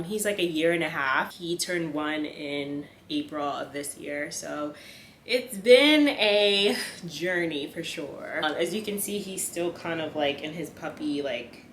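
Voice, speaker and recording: A woman's voice: low voice, fairly bright tone. A young woman chatting casually to camera with lots of fillers, giving tips and talking to her dog. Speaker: vlogger. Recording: echoey room, faint room noise.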